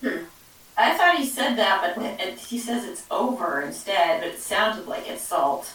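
A woman's voice: mid-range voice, animated, a little slow, fairly bright tone. A woman co-hosting a casual podcast, musing thoughtfully about a TV episode. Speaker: podcast co-host. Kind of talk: casual chat. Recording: roomy and distant from the mic.

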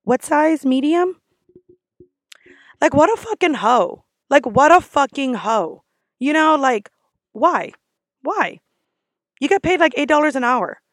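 A woman's voice: sits high, sing-song, unhurried, no room sound, studio quality. A woman who works as a restaurant server, ranting in a casual vlog, blunt and sassy with lots of swearing.

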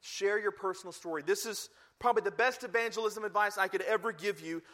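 A man preaching a sermon as a pastor, telling stories and acting out the people in them with lively energy. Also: sits high, quick pace. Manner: animated storytelling, acting out quoted lines.

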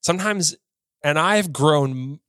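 A man co-hosting a podcast with a voice pitched a bit high for a man. He talks earnestly and at length, circling back to correct himself. The sound is dry and close. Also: slow, a bit bright, no echo. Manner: earnest, rambling, self-correcting. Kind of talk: casual conversation.

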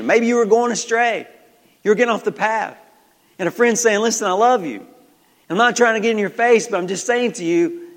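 A male pastor with a Southern country accent preaching a folksy sermon full of rhetorical questions, swinging between loud and hushed. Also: sits high, in a large hall. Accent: American Southern country. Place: church sanctuary.

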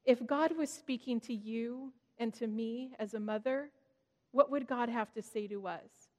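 A woman giving an earnest, reflective devotional sermon, gently stressing key words. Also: on the high side, unhurried. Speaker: devotional speaker. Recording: long reverb, hall-like.

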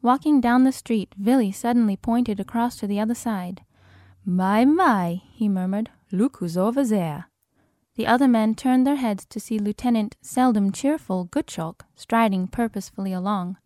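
A woman narrating an audiobook in a measured, expressive way. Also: fairly high pitch, dry recording, studio quality. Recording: narration over film score.

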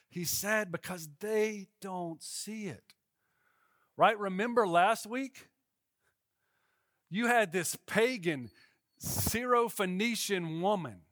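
A man's voice: high-pitched, fairly bright tone, no room sound, studio quality. A male pastor gives a casual, conversational sermon and often checks in with his listeners.

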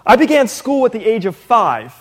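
A man in his thirties, a preacher and teacher, gives a sermon in a conversational, playful style, now and then mimicking other people. His very high voice swings widely in pitch at a moderate pace, trailing off into a long reverb tail.

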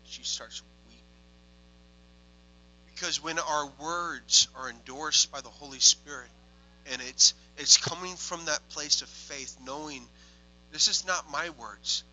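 A young adult man, a minister telling testimony stories in an excitable way, moving from hushed tones to loud exclamations. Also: on the high side, measured pace, low-quality recording. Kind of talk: testimony storytelling.

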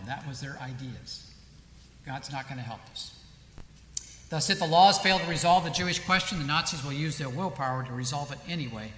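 A man's voice: fairly high pitch, sharp tone, a little hiss or hum. Emphatic male lecturer in an echoey hall. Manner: emphatic, asks rhetorical questions and answers them. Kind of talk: lecture with read-out quotations. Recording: echoey hall with long reverb.

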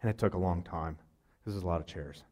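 A pastor with a low, slightly mellow voice talks fast while sharing a personal story in his sermon. His tone is earnest and conversational, full of fillers and restarts.

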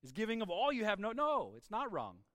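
A man pastor giving a conversational sermon, energetic and informal, often repeating words and asking "right?". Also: high voice, brisk, no room sound, clean studio sound. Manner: swings into quiet acted voices for quotes.

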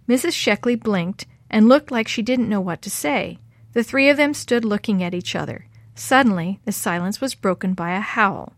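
A woman reads a children's story aloud in a clear, steady voice. Her voice is close to the mic, with a dry sound and no room echo. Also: mid-range voice, moderate pace. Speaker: narrator. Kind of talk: children's audiobook narration.

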